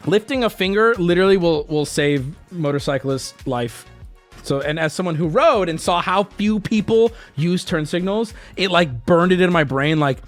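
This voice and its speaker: Male streamer, casual rant, animated, swinging pitch, faint music. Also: normal speed. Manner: animated, swings from mock outrage to joking.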